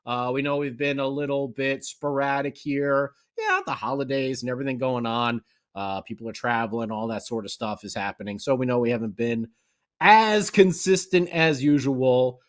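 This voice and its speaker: A man co-hosts a loose sports podcast in a wry, playful tone. He sometimes shifts into a mock-formal announcer manner for the sign-off. His pitch sits in an ordinary middle range. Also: lively intonation, moderate pace. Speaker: podcast co-host. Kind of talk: casual podcast banter.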